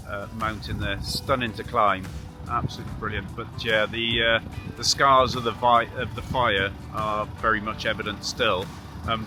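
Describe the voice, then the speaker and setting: A man chatting casually as he films a travel vlog beside his campervan, easygoing and full of enthusiasm. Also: mid-range voice. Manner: easygoing, chatty, repeats "absolutely". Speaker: vlogger. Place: outdoors beside a campervan on the road.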